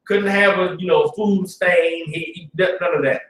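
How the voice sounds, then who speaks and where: A man with a fairly high voice preaches to a class in a loose, streetwise way, dropping to a mutter and then rising to loud bursts. He keeps checking in with his listeners. The sound is roomy and echoing, and he stands some way back from the mic. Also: steady tone, measured pace, recorded from a distance, a little hiss or hum. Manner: streetwise, repeats "you understand?", swings from low mutter to loud bursts. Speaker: religious class teacher.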